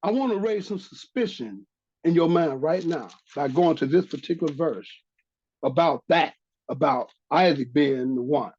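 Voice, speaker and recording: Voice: medium pitch, moderate pace, a little mellow, breathy edge. A religious teacher giving a bible lesson, reading verses aloud and repeating key phrases for emphasis. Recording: dull lo-fi recording.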